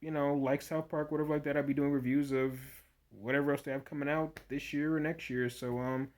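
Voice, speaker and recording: A man's voice: fairly high pitch, flat delivery, fairly quick. A man giving a casual, rambling spoken review of a TV episode, full of "you know" fillers and restarts.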